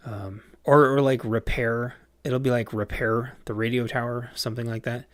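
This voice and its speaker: A man's voice: medium pitch, steady tone, moderate pace, hardly any pauses, dry recording. A man casually chatting on a livestream while playing a game, rambling with lots of fillers and restarts. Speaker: game streamer.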